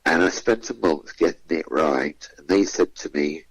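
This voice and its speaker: A man's voice: very deep voice, animated, normal speed, no room sound, low-quality recording. A man, a comedian telling chatty anecdotes in a radio interview and acting out the voices of the people he quotes. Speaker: guest comedian. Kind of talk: anecdotal storytelling.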